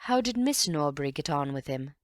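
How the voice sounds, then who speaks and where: A woman voicing a polite, curious young gentleman investigator in an audiobook, speaking cautiously. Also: low-pitched, sing-song, fairly quick, dry recording, studio quality. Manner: courteous and cautious. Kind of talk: audiobook character voice.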